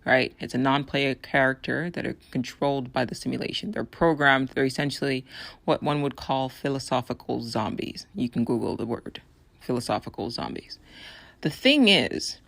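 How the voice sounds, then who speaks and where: A woman hosting a solo podcast, talking in an earnest, persuasive way with a raspy, hoarse voice. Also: very deep voice, moderate pace, a bit bright, dry recording. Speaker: podcast host.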